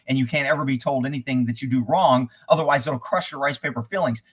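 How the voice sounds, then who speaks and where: Blunt, husky horse trainer man. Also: mid-range voice, a bit bright. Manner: blunt and rambling, swears freely. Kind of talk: live commentary on riding footage.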